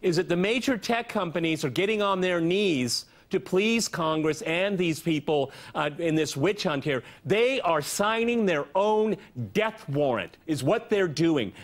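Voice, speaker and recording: A man with a high voice moderates a lively panel debate. He cuts in often and pushes the conversation along in a forceful way. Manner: interjecting, forceful, brisk. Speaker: debate show host.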